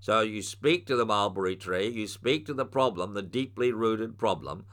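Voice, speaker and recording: Bright-voiced man preaching a sermon. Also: lowish voice, moderate pace. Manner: earnest teaching, rises to forceful commands.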